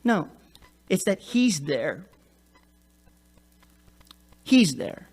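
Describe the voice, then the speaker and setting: A male pastor preaching a sermon, telling the story in an animated, joking way with frequent asides to the listeners. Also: high-pitched, moderate pace.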